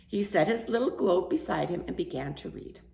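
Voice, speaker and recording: A woman reading a children's book aloud as a storyteller, lively and expressive. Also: lowish voice, normal speed, gravelly, slight background noise. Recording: roomy echo.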